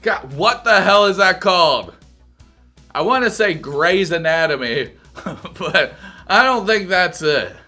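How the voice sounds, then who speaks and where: Brief: bright, high-voiced male reviewer with crude humor. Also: animated, slow pace, faint music behind. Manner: crude, profane and joking. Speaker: reality TV reviewer. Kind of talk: comedic reaction commentary.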